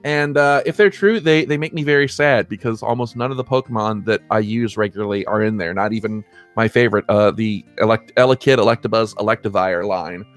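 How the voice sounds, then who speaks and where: A man's voice: fairly low pitch, a little fast, faint music behind. Casting: young male podcast host, easygoing, chatty, restarts lines a lot. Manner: rambling, self-correcting, laughs often. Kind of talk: casual chat.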